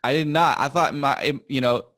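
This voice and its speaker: A man speaking as a podcast guest, telling a story in a relaxed, rambling way with frequent fillers and restarts. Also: medium pitch, fairly quick, no echo. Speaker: podcast guest, software founder. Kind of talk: casual interview storytelling.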